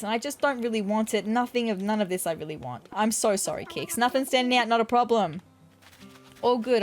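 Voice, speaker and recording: A woman hosting a casual let's-play, chatting through her game and reading dialogue aloud. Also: a little high. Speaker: gaming video host.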